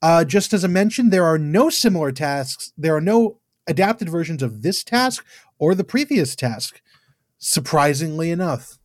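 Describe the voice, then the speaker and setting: A man's voice: on the high side, sing-song, moderate pace, no echo. A man co-hosting a podcast in casual chat, dry and matter-of-fact as he reads out scores and nitpicks. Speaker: podcast co-host.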